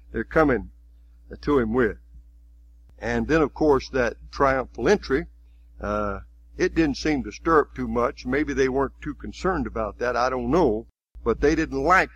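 A man's voice: medium pitch, animated, measured pace, breathy edge, lo-fi sound. A man preaching a sermon in a folksy, conversational way, often adding "you see".

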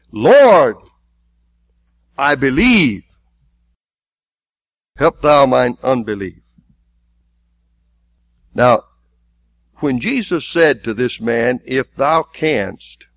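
A man preaching a sermon, stressing key words and drawing them out slowly. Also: mid-range voice, a bit bright, no room sound. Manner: emphatic preaching with slow, drawn-out stresses.

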